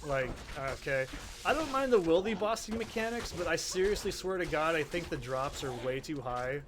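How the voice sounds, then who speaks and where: Exasperated male gamer, cursing constantly, voice a bit higher than usual, faint background hum. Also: expressive, normal speed. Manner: ranting, profane, exasperated. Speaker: gaming channel host. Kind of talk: let's play commentary.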